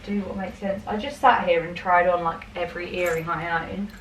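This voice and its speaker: A woman's voice: on the low side, steady tone, normal speed, distant mic, slight background noise. A woman talks casually to her phone camera, rambling and filling gaps with "like". She is recording in a hotel room. The sound is roomy, and she is set back from the mic. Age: 20s. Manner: chatty, rambling, lots of "like". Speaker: vlogger and brand owner. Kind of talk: casual vlog chat.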